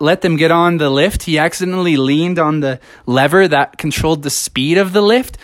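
A man's voice: on the high side, no room sound, clean studio sound. A man telling an improvised children's story live, rambling along with fillers and self-corrections.

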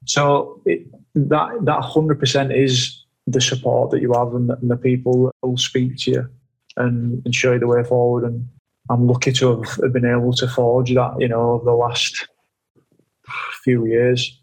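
A man's voice: medium pitch, little pitch movement, gravelly, slightly rough, poor audio. A man talking earnestly and reflectively in a casual conversation, often restarting his sentences. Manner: earnest, reflective, halting with repeats. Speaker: guest.

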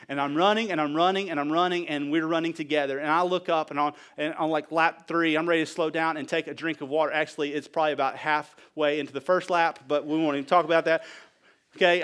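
A man delivering a sermon with a slightly high voice. He preaches with emphatic energy and fires rhetorical questions at the congregation. His delivery rises to near shouts, then drops to quiet, low passages. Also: fairly even intonation, fast, clear, resonant tone. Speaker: pastor.

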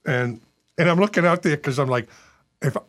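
A man telling a funny anecdote in casual chat, animated and rambling. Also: on the high side, a little fast, no echo.

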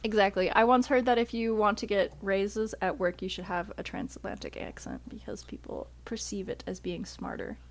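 A chatty woman co-hosting a podcast, recapping movie plots in easy, casual conversation. Her voice sits at a middle pitch and she laughs often as she talks. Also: animated, moderate pace, hardly any pauses. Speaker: podcast co-host. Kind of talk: casual chat.

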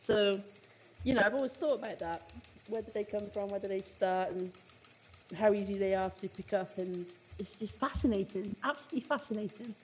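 A woman's voice: medium pitch, brisk, a little mellow, slight background noise. A woman co-hosting a casual talk show, musing aloud in a chatty way with an easy laugh. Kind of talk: casual chat.

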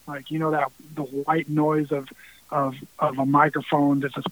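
A man's voice: fairly high pitch, little pitch movement, normal speed, a bit bright, dry recording. A man, a musician, telling a long story in a casual interview, rambling with restarts and now and then swearing. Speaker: musician guest. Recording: tinny phone-like sound.

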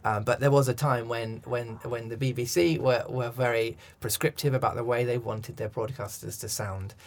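A man's voice: medium pitch, steady tone, moderate pace. A man, a coach, answering interview questions thoughtfully with frequent restarts and ums. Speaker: accent coach.

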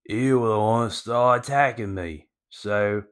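A scrappy young male pirate hero, as a man retells his lines. The voice comes out deep, in a relaxed, conversational delivery. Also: a little slow, clean tone. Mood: defiant. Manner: offhand retelling voice.

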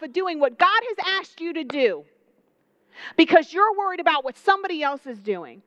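A young woman preaching a lively, conversational sermon, full of rhetorical questions and asides to the congregation. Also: extremely high pitch, normal speed, dry recording, highs cut off.

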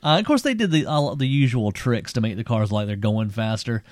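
A man co-hosting a podcast, chatting casually about an old cult film, rambling and animated and laughing often. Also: mid-range voice, brisk, no echo, clean studio sound. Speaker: podcast co-host.

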